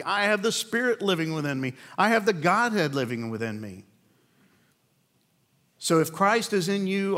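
Brief: male preacher, earnest sermon delivery, slightly higher voice, rhetorical pauses. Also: a bit bright. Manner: earnest, rhetorical questions, slows for emphasis. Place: room with a men's group.

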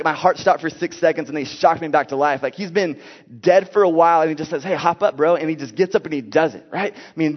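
A man preaching a casual sermon, reading scripture and explaining it in a conversational way, full of fillers and "right?". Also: a little high. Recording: dull sound with long hall reverb.

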